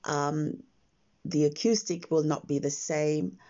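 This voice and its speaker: Woman podcast host, croaky morning voice, low and mellow, dull phone recording. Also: fairly even intonation. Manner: slow, gentle, with frequent pauses. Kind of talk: slow reflective podcast monologue. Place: quiet house. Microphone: own phone.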